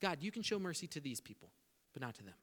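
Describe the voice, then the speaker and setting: A man preaching a sermon as pastor, animated, acting out people's prayers to God with rising intensity. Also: on the high side, fast. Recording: reverberant hall.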